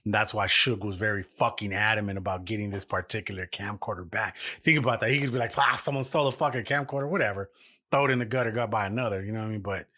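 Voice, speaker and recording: A man's voice: on the low side, fast talker, bright, forceful tone. A man co-hosting a podcast, casually retelling a long story with lots of swearing and fillers. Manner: profane, rambling retelling with many fillers. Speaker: podcast co-host. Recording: music playing behind.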